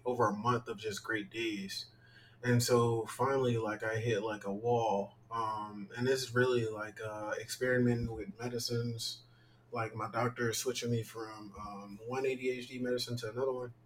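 A man's voice: mid-range voice, slight background noise, rough recording. A young man co-hosting a casual podcast, sounding tired as he rambles candidly, with lots of fillers. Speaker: podcast co-host.

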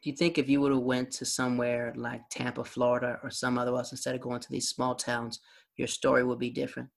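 A man's voice: medium pitch, monotone, a little fast, creaky. A man hosting a podcast, chatting casually and asking teasing questions. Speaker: podcast host. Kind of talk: casual interview chat.

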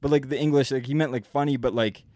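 A man on a podcast, chatting casually and telling a long personal story. His delivery is loose and full of fillers, and his pitch sits mid-range. The recording is dry and close. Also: steady tone, fast, darkish tone, no room sound. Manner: laid-back storyteller, many fillers. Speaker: podcast co-host.

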